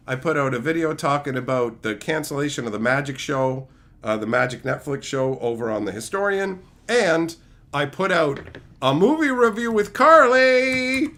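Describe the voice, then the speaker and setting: A man streaming live, chatting with viewers and ranting with a lot of swearing. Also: high-pitched. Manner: profane, animated ranting; answers viewer chat. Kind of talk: casual livestream chat.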